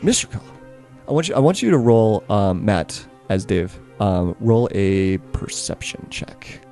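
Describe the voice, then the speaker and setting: A man's voice: on the low side, expressive, measured pace, dark tone, faint music behind. A man narrating a tabletop game as game master, rambling a little with restarts and laughing easily.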